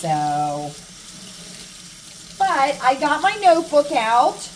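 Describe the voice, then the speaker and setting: A woman's voice: high-pitched, extremely slow. A middle-aged American woman vlogger telling stories and chatting casually to her viewers, repeating herself for emphasis. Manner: chatty, animated storytelling with repetitions. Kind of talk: casual chat to camera. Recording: distant mic with faint room noise.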